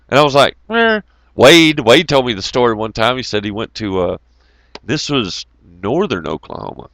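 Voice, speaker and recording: A man rambles through crude work stories, laughing at his own punchlines. His voice sits at a middling pitch. The sound is dry and close, with no room echo. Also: fairly bright tone. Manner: profane, rambling, laughs often. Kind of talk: casual rambling storytelling.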